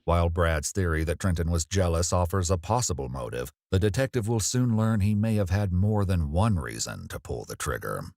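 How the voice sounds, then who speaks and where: A man giving measured, scripted documentary narration. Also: low voice, lively intonation, darkish tone.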